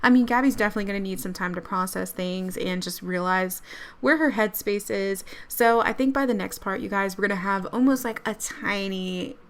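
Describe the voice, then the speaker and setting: A woman's voice: medium pitch, a little fast. Chatty young woman narrating gameplay. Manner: chatty, speaks to viewers directly, giggles often. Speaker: let's play creator. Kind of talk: casual game commentary.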